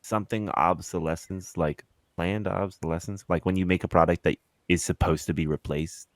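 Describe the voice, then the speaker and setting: A man's voice: sits low, steady tone, moderate pace, dry recording, studio quality. A man co-hosting a podcast in casual chat, laid-back, laughing along with short replies. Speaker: podcast co-host.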